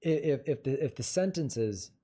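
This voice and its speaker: Guy on a livestream giving advice, low mellow voice, chatty and loose. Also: expressive, moderate pace. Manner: conversational, advice-giving, restarts words. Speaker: livestream host. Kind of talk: casual livestream chat answering viewer questions.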